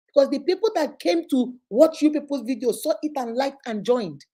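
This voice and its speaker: A woman's voice: high voice, moderate pace, few pauses. A woman with a Nigerian accent hosting a vlog, chatting casually and animatedly to her viewers. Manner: animated, preachy. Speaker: vlogger host.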